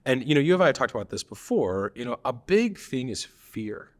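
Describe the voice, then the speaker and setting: Lively, laughing man co-hosting a startup chat. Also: medium pitch, brisk. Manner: animated, laughs often, acts out quoted founders. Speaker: startup advisor, co-host. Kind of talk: casual conversational podcast.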